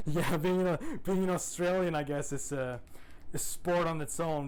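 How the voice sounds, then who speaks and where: A man's voice: fairly high pitch, measured pace, a little hiss or hum. Laid-back swearing young gamer man. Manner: laid-back, swears a lot, laughs often. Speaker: streamer. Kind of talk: casual gameplay commentary.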